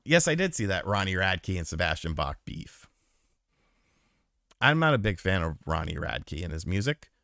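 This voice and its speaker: Guy on a podcast aftershow, bouncy pitch, dry close sound, swearing a lot while he tells stories. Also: moderate pace, creaky, no room sound. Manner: animated, profane anecdote telling, reads live chat. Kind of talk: casual storytelling chat.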